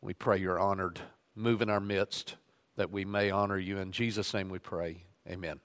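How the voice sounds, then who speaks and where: A man's voice: sits low, steady tone, moderate pace, fairly bright tone, in a large hall. A man preaching a sermon, reading scripture aloud and stressing the quoted lines, then leading a prayer. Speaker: pastor. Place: church sanctuary.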